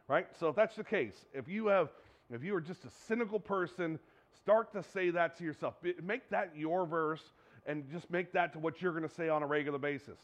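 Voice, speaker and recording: A man preaching a sermon in an earnest, animated way, often restarting his sentences. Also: a little high, fairly quick. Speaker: pastor.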